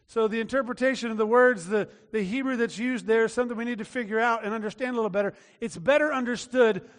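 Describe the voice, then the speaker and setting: A man preaching a sermon in a casual, talky way, acting out quotes and breaking into shouts. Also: high voice, fast talker, few pauses, long reverb tail. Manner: conversational preaching with acted-out quotes and sudden shouts. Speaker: pastor.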